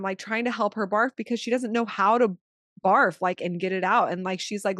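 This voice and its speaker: A woman's voice: mid-range voice, dry recording. Chatty woman, dry close podcast sound. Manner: chatty, fills speech with "like"; animated, shifting from hushed to excited. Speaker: podcast co-host; new mother. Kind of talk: casual storytelling.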